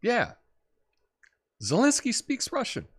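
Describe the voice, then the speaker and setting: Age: middle-aged. Sex: man. Role: talk show host. Pitch: animated, swooping. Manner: chatty, opinionated, full of fillers. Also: takes it slowly, breathy edge. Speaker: host of a political commentary show. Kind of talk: casual solo commentary.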